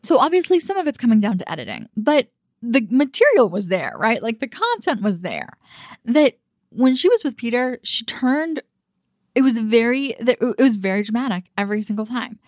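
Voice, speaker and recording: A woman's voice: on the high side, big pitch swings, normal speed, no echo, clean studio sound. A young woman, a dating coach, giving frank and emphatic casual commentary with frequent fillers and some swearing.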